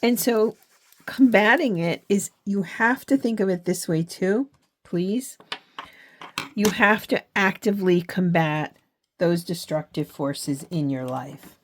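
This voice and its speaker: A woman's voice: on the low side, slow pace, slight background noise. A middle-aged woman hosting a faith and journaling channel, talking to camera in an earnest, frank way with frequent restarts. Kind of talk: casual talk to camera.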